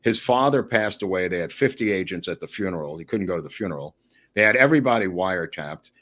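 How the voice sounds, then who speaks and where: A man chatting as a podcast guest, telling animated, rambling stories to the host. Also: sits low, fast. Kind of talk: casual storytelling.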